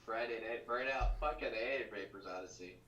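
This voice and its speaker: A man chatting casually as a podcast guest, relaxed and swearing freely. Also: mid-range voice, moderate pace, distant mic, highs cut off. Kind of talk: casual chat. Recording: echoey room, set back from mic, faint noise.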